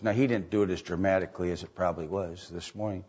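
A man's voice: low voice, fairly even intonation, fairly quick, hardly any pauses, a little mellow, slightly rough. A man preaching as a pastor, repeating lines and asking the congregation rhetorical questions, on a dull lo-fi recording. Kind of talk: sermon.

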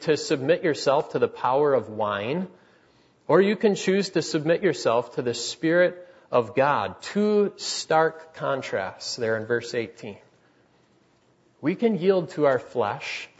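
A man in his thirties delivers a sermon in an earnest, halting manner, often restarting his sentences. His voice sits a bit high. The recording sounds dull and lo-fi. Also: slightly rough. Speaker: preacher.

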